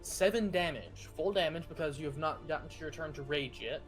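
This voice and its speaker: A man with a slightly high voice runs a tabletop game as game master, walking the players through initiative and attacks. He talks in loose, rambling narration full of fillers and self-corrections, with faint music playing underneath. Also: a little fast. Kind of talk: running a tabletop game over voice chat.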